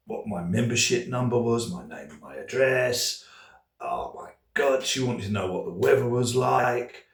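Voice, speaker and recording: Middle-aged man, self-deprecating comic storyteller, hesitant and rambling, mic set far back. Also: on the low side. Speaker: speaker. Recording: distant, echoey room.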